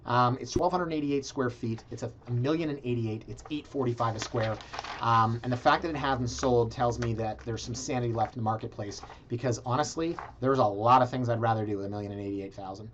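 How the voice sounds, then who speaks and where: A man of average pitch hosts a casual video, reviewing condo listings with sarcasm and lively asides to his viewers. He sounds blunt and animated. The recording is a little dull and lo-fi. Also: a little fast, a little hiss or hum. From Canada. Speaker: realtor and video blog host.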